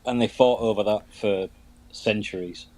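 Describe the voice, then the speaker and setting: A man's voice: on the low side, fairly even intonation, moderate pace, a little mellow, no room sound. An easygoing man from Britain, a guest chatting casually and chuckling along. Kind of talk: casual chat.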